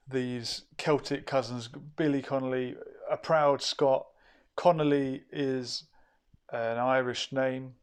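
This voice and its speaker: A man hosting a talk show, speaking in a measured way with frequent pauses and hesitations. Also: mid-range voice. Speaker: show host. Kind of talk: talk-show monologue on history.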